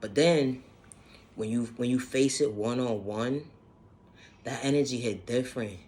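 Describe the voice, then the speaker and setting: A man's voice: medium pitch, measured pace, darkish tone, a little hiss or hum. A man talking casually and earnestly about self-healing, repeating his points and swearing now and then. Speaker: self-help vlogger. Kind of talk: casual motivational monologue.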